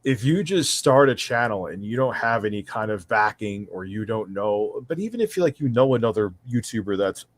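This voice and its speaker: Low-voiced, blunt podcast guest man. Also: expressive, fairly quick, few pauses, dry recording. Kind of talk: casual podcast chat.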